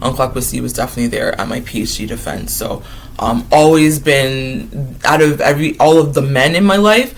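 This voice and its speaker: A man of Ghanaian heritage chatting casually and excitably in a vlog, wandering from topic to topic. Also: medium pitch, a little fast, creaky. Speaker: vlogger.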